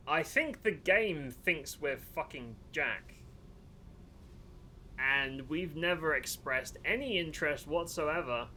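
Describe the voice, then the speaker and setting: A man streaming a video game who gives casual commentary, animated, exasperated and joking. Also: medium pitch, slight background noise.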